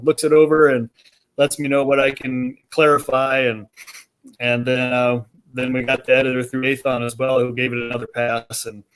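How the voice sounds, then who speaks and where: A man, the author being interviewed, talking casually and rambling as he thinks aloud, with many pauses. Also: mid-range voice, fairly bright tone. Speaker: author guest.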